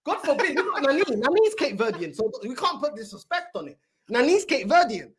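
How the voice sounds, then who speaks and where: A woman hosting a casual football talk show, ranting loudly and profanely in street slang. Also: sits high, sing-song, fairly quick, slight background noise. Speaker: fan show host.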